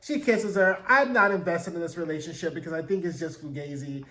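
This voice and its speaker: A man with a high voice recaps a TV episode in loose, sassy commentary. He jumps into quick impressions of the characters and swears freely. The sound is echoey, as if recorded in a bare room. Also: pushed and bright. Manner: peppered with profanity and rhetorical "right?". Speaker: TV recap host.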